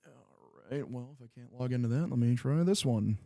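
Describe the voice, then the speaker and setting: A man's voice: medium pitch, moderate pace, warm tone, no echo, clean studio sound. A young man hosting a casual live game-watch stream. He swears a lot, sounds frustrated and talks to his chat as "boys". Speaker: livestream host.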